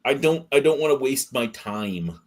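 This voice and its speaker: A man hosting a casual podcast chat, telling animated stories and swearing freely. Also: mid-range voice, moderate pace. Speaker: podcast host. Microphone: streaming call setup.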